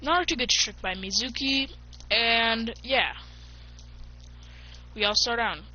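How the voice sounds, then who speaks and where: A woman casually narrating a homemade fan story, with quick chatty asides, on a dull lo-fi recording. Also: a little high, bright, forceful tone.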